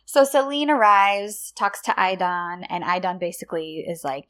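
A woman's voice: lowish voice, normal speed, few pauses, fairly bright tone. A woman co-hosting a casual chat, enthusiastic and laughing along. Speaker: podcast co-host.

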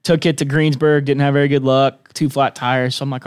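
A man's voice: mid-range voice, flat delivery, brisk, smooth. A young man, a demolition derby driver, casually telling stories as a guest in a chat. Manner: matter-of-fact, swears casually.

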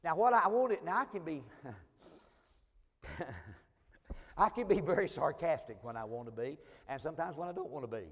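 Animated male preacher spinning a funny tale. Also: on the high side, moderate pace, long pauses, in a large hall. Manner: animated, self-mocking storyteller. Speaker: traveling preacher. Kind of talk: humorous storytelling sermon.

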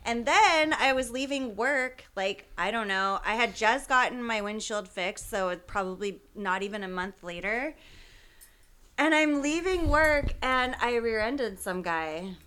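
A woman's voice: fairly high pitch, unhurried, clean tone. A woman in her late thirties in casual podcast chat, telling stories with lots of swearing and acted-out quotes. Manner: animated storytelling, swearing, acts out quotes.

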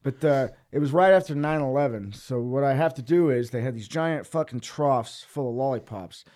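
A young man in a casual podcast chat, telling a long story in a loose, rambling way. He swears constantly and laughs his way through the funny parts, voice mid-pitched and unforced. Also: moderate pace, a little mellow. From Boise, Idaho.

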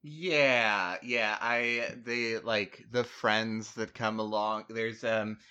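A man's voice: fairly low pitch, fairly even intonation, very slow, bright, forceful tone, smooth. A man in casual chat about a movie, rambling with lots of fillers and the odd swear word.

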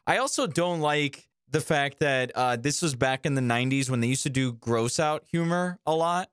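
A man's voice: medium pitch, normal speed, fairly bright tone, clear, resonant tone, dry recording, clean studio sound. A man co-hosting a podcast, giving blunt opinions and swearing freely in casual chat. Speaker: podcast co-host.

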